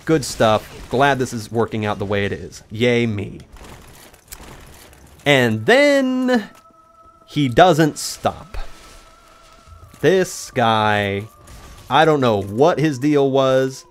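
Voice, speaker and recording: Animated young man telling a story while gaming. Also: medium pitch, drawn-out words, long pauses. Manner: rambling, animated, talks to the game mid-story. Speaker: gaming YouTuber. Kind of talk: let's play commentary with storytelling.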